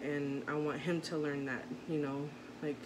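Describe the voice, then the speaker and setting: A woman's voice: deep voice, little pitch movement, normal speed. A woman in her thirties, a mother vlogging, talking in a rambling, heartfelt way with many restarts. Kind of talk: casual chat to camera. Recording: noisy background.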